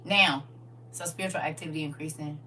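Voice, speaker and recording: A woman hosting a livestream, telling stories in an animated, emphatic and slangy way. Her voice is bright and sharp. It sounds a little distant from the microphone, with a faint hum in the background. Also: sits low, a little fast. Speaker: livestream host. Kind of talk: casual storytelling to a live audience.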